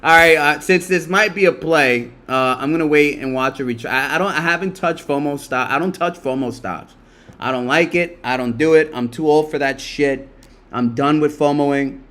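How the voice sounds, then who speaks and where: A man's voice: fairly high pitch, normal speed, fairly bright tone. A middle-aged man hosting a casual live stock market stream, loose and profane, talking straight to his chat. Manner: loose, profane, talks to chat, laughs a lot. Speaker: livestream stock market host.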